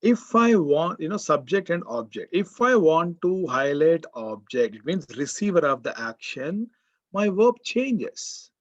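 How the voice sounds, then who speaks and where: Here a man with an Indian English accent gives a grammar lecture to college students, quizzing them and repeating important words. He speaks at a measured pace in a slightly high, sing-song voice, captured in dull, muffled lo-fi sound.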